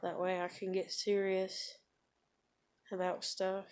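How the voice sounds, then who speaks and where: A woman's voice: mid-range voice, monotone, takes it slowly, darkish tone, slight background noise. Rambling, swearing woman in her thirties. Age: 30s. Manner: rambling, profane, frustrated. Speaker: vlogger. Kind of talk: casual venting monologue. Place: room at home.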